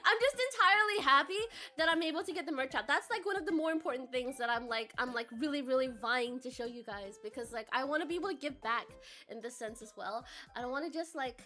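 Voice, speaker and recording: A woman's voice: high voice, animated, quick pace, bright, forceful tone, faint music behind. A woman streamer chatting casually with her viewers, bubbly and giggly, reading chat aloud and swearing now and then, while coming down with a cold.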